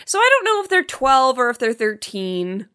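A young adult woman with a bright, clear tone talks through a movie's story in a loose, conversational way. She acts out the characters' lines as she goes, keeping the retelling animated. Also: high voice, normal speed. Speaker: podcast co-host. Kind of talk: casual movie recap chat.

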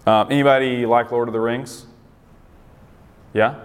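A man's voice: medium pitch, big pitch swings, moderate pace, in a large hall. A man giving a casual sermon, conversational, asking the group questions and laughing often. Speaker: pastor.

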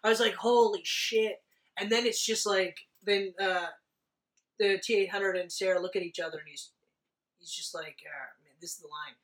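A man in casual chat about a movie, talking excitedly and swearing a lot. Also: sits high, moderate pace, recorded from a distance, rough recording. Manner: excited, profane, swears often.

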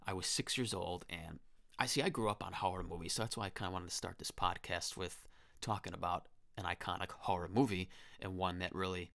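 A man's voice: deep voice, steady tone, fairly quick, creaky, bright, forceful tone, no echo, clean studio sound. A man in his twenties hosting a podcast, talking through a horror film in a rambling, enthusiastic way. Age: 20s. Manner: enthusiastic, rambling, with restarts and quoted lines. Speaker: podcast host. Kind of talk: casual film commentary podcast.

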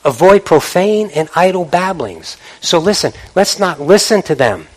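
A man preaching a sermon as pastor, animated, repeating words for emphasis and mimicking idle chatter. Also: high voice, measured pace.

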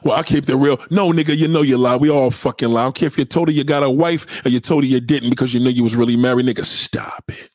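A man's voice: medium pitch, fairly even intonation, quick pace, hardly any pauses, darkish tone, no echo, studio quality. A man hosting a casual livestream, reading viewer comments and ranting bluntly with lots of profanity. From New York. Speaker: livestream host.

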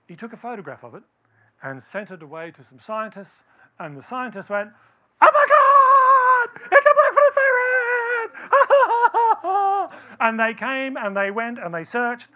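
A man's voice: high voice, lively intonation, normal speed, pushed and bright. A man giving a storytelling talk to a live audience, quizzing listeners with questions as he tells the story.

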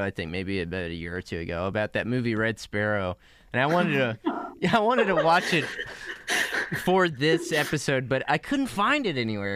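A man's voice: on the high side, a bit bright. A man co-hosting a podcast, rambling casually with hesitant fillers and frequent laughter. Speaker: podcast co-host.

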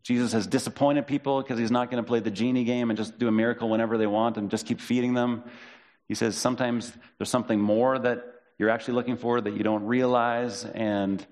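Guy pastor giving a sermon, chatty and casual, gets animated reading out the quotes, middle pitch voice. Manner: conversational, reads and paraphrases scripture with animated quoted voices.

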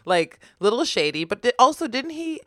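A woman's voice: a little high, sing-song, normal speed, no echo, studio quality. A woman, co-hosting a podcast in rambling, casual chat full of fillers. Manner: rambling, many fillers, laughing. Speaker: podcast co-host.

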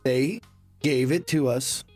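A man in an in-character tabletop role-play, speaking in a polite, formal way. His pitch sits in the middle range, and faint music plays in the background. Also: slow pace, darkish tone. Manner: polite and formal, calling others sir. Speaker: tabletop player.

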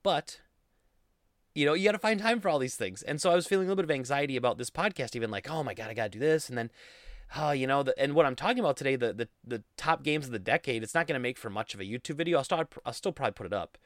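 A man's voice: medium pitch, animated, rapid-fire, no room sound. A young man hosting a casual solo podcast, rambling in a goofy, self-deprecating way into a studio mic. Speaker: podcast host.

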